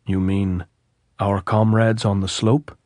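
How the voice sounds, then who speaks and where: A man voicing a calm, cautious young army lieutenant who speaks quietly and reasons things out, in an audiobook. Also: on the low side, takes it slowly, dry recording, clean studio sound.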